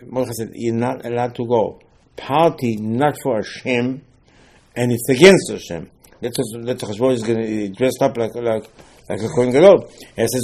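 Guy giving a torah class, keeps asking himself questions, mellow husky voice. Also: medium pitch, fairly quick. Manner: emphatic, repetitive, asks and answers his own questions, broken English phrasing. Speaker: rabbi teaching Torah. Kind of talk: informal Torah lecture.

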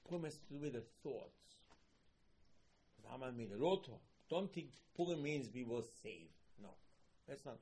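A man teaching a Torah class, animated and rhetorical, asking questions and reciting passages quickly. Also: medium pitch, slight background noise.

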